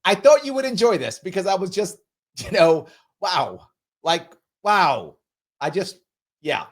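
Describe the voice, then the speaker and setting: A man's voice: high voice, very animated, a little slow. A man hosting a live commentary show, reading viewer chat in a sarcastic, mocking way.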